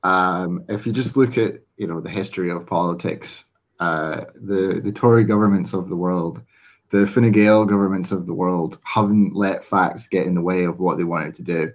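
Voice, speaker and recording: A man hosting a casual podcast, briskly moving the show along. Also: low-pitched, steady tone. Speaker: podcast host.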